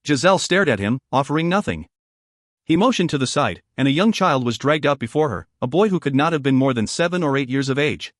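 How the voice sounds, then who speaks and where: A man's voice: medium pitch, animated, brisk, no room sound, clean studio sound. Man narrating a fantasy audiobook.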